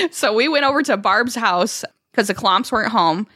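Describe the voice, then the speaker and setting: A woman co-hosting a podcast, telling childhood family stories in a lively, casual way, swearing freely and acting out what others said. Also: a little high, measured pace, no echo, studio quality. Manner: animated, swears freely, acts out quotes. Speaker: podcast co-host. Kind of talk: casual storytelling chat.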